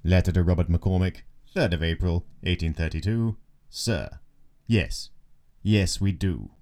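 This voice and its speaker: A man's voice: low voice, a little slow, a little mellow. A man playing a smug young naturalist who answers with dry, terse sarcasm in a comic audio drama.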